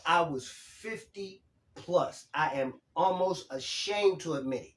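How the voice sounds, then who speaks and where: A man's voice: a little high, slow pace, echoey room. A man in his fifties hosting a casual livestream, talking emphatically and swearing casually as he reads and answers viewer comments. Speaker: livestream host.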